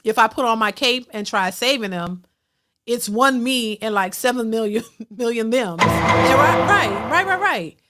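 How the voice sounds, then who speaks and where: A woman hosts a casual reaction stream, thanking viewers and giving her take. Her voice sits a bit high, and she jumps higher when she gets emphatic, repeating words as she goes. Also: expressive, a little slow, bright, forceful tone, soft background music. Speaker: reaction channel host. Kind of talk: casual commentary reading super chats.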